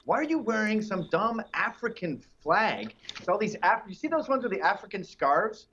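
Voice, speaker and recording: A man's voice: high voice, big pitch swings, moderate pace, pushed and bright, muffled recording, a little hiss or hum. A man guest on a political talk show, brash and mocking, sometimes putting on silly voices.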